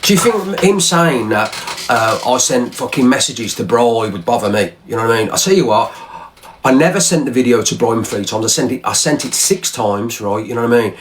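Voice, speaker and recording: A man's voice: mid-range voice, lively intonation, a little fast, a little hiss or hum. A man ranting angrily on a livestream, swearing and repeating himself. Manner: heated, profane, repetitive. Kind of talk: angry livestream rant.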